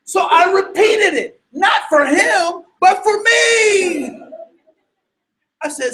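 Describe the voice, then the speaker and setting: A man with a very high voice tells a personal story to an audience. He stumbles over repeated words and restarts, then breaks into loud, excited bursts. His delivery is lively and animated. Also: takes it slowly, low-quality recording.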